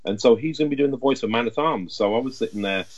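A man's voice: mid-range voice, fast talker, no room sound. A man chatting casually and enthusiastically on a podcast, rambling a little. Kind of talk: casual chat.

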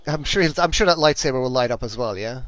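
A man's voice: medium pitch, expressive, fast talker, a crowd in the background. A man hosting a podcast, chatting enthusiastically and rambling with many restarts. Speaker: podcast host. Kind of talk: casual chat.

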